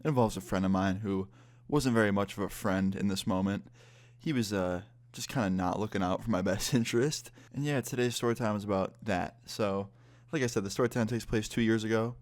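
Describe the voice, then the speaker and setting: A man of about twenty, a vlogger telling a story in casual storytime style, swearing freely and retelling it in a lively way. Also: on the low side, fairly quick.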